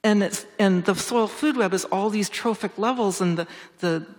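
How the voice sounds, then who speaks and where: An enthusiastic woman researcher explains her forest work to a live audience. She often restarts her phrases, and her voice jumps up whenever a result excites her. Her voice rings out into a hall with a long reverb. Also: mid-range voice, moderate pace. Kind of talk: public talk answering interview questions.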